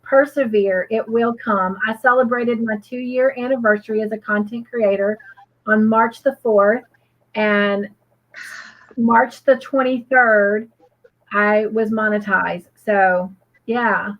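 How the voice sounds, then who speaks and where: A woman's voice: on the high side, steady tone, slow pace, highs cut off. A woman, co-hosting a casual crochet livestream, rambling earnestly with many fillers and restarts. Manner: earnest and grateful.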